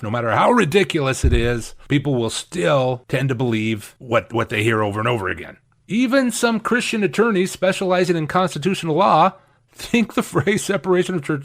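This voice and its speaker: Emphatic preaching man, fairly high voice. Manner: emphatic, repeats key phrases for stress; acts out quoted speakers in shifted voices. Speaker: pastor. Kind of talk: sermon.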